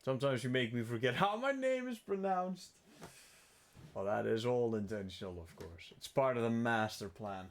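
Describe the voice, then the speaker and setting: A man's voice: mid-range voice, animated, normal speed. Joking, swearing game streamer man. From Netherlands. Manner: joking, self-mocking, swears often. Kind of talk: casual live gameplay commentary.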